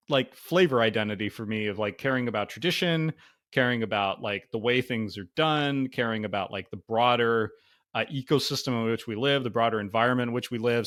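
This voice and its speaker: A man's voice: medium pitch, fairly bright tone. A man co-hosting a casual card game review podcast, thinking aloud with lots of fillers. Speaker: podcast co-host.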